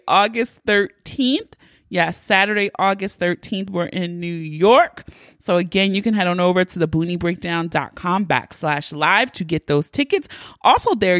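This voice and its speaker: With a lowish voice, a podcast host opens her solo episode in a loose, candid manner, chatting away and cursing freely. It's clean studio sound with no echo.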